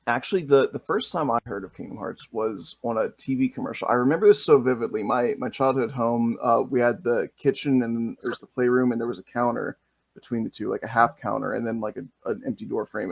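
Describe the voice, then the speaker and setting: A man's voice: medium pitch, a little fast, creaky, slightly rough, dry recording. A man hosting a podcast interview, telling stories with enthusiasm and animation. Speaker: podcast host. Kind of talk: casual interview talk.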